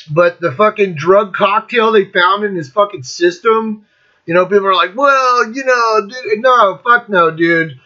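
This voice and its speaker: A man's voice: high-pitched, measured pace, bright, forceful tone, dull audio. A man in his fifties hosting a casual rant, blunt and profane, rambling between thoughts. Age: 50s. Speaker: host.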